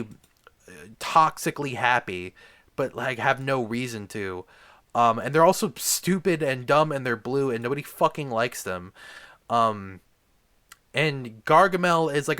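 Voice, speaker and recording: A young man ranting for laughs with crude, foul-mouthed language. He rambles, restarts and leans on filler words constantly. His voice sits at an ordinary middle pitch. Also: fairly bright tone, clear, resonant tone. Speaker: comedic ranter. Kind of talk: profane comedy rant.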